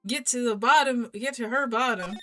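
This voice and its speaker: A loud, joking woman giving casual commentary as she plays a game, swearing freely. Her voice sits fairly high. Game music runs underneath. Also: moderate pace. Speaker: streamer.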